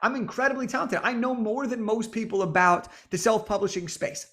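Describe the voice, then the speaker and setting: A man in his thirties giving an energetic coaching talk to camera for aspiring nonfiction authors. He is emphatic, asks rapid rhetorical questions and repeats phrases for effect. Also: sits high. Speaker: book coach.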